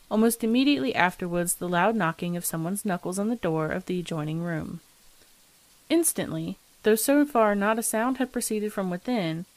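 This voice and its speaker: A woman narrating a classic ghost story as the host of a reading show, in a measured, steady manner. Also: mid-range voice, dry recording.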